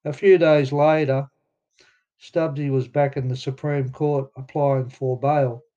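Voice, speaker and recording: A man's voice: medium pitch, little pitch movement, unhurried, mellow, highs cut off. Plainspoken Australian man narrating. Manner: plainspoken, casual with swearing. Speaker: memoir narrator. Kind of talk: audiobook narration.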